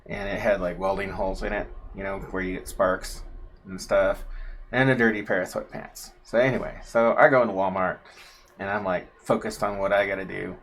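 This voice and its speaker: A man's voice: low-pitched, steady tone, a little fast, a bit bright, slight background noise. A man telling a long, casual story on a livestream, full of fillers and asides. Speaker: co-host, husband of the host.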